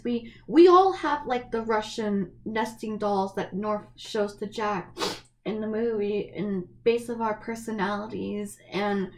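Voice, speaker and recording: A young college woman vlogs into her camera in a personal video essay, her medium-pitched, darkish voice wavering as she fights back tears. She is earnest and heartfelt, often restarting as she talks through a casual monologue.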